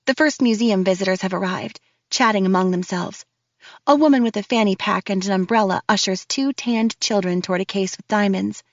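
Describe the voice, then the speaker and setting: A woman's voice: medium pitch, fairly quick, dry recording. Woman narrating a first-person audiobook. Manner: nervous, breathless first-person storytelling. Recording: dull, dry studio read.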